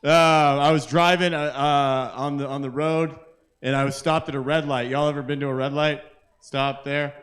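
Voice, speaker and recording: A man's voice: a little high, fairly bright tone. A man hosting a live open mic, doing rambling, self-interrupting crude stand-up to the crowd at a kava bar. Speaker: comedian and open mic host.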